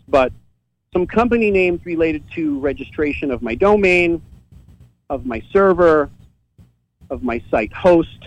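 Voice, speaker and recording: A man with a high voice tells a story on a podcast, and his pitch swings up and down as he gets worked up. He swears freely and laughs now and then. The sound is dry and close, with no room echo. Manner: profane, animated storytelling with laughs. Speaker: guest, site owner. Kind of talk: casual podcast interview. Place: his home office.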